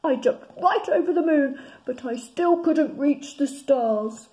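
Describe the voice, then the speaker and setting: A woman voicing a very small, boastful male frog in a read-aloud storybook, loud and bold. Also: high-pitched, takes it slowly, pitched above the performer's own voice. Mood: apologetic.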